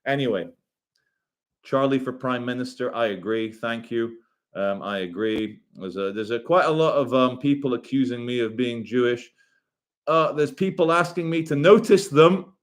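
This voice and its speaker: A man on a casual livestream reading chat aloud, rambling and swearing with quick asides. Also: mid-range voice.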